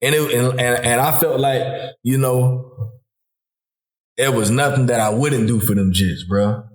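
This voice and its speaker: Man, podcast host, heartfelt casual chat, says "bro" a lot, mid-pitched voice, echoey room. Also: a little slow. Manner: informal Southern US speech, calls listener "bro".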